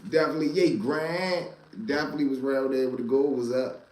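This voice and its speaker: A man telling street stories to a live chat, animated and profane, talking straight to his listeners as y'all. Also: medium pitch, fast talker, echoey room. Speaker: storyteller and stream host.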